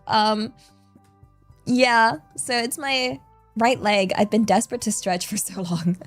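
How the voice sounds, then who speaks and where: British woman, high voice, slow unhurried chat, giggly, teasing, faint music behind. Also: lively intonation. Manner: playful, giggly, self-mocking. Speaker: streamer. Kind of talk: casual live-stream chat.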